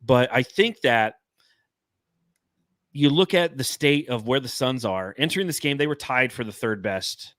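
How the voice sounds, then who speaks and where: Profane, animated sports podcast man. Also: mid-range voice, unhurried, no echo. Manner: profane, rambling. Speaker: podcast host. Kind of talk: casual sports podcast chat.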